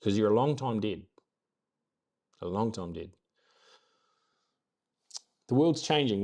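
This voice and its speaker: A New Zealand man with a fairly low voice hosts a relaxed morning live stream. He chats in an upbeat, rambling way and circles back to repeat his main points for emphasis. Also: vocal fry. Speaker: host of a daily live stream. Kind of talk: casual motivational live-stream chat.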